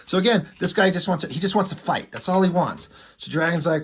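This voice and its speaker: A man casually recapping a comic book in a relaxed, profane way, laughing at the dialogue. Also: on the high side, fast talker, a little hiss or hum.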